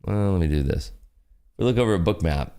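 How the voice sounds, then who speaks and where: Very deep-voiced laid-back male streamer. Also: lively intonation, fairly quick, mellow. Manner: rambling, laid-back, lots of fillers. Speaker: futures trading livestream host. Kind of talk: casual livestream commentary.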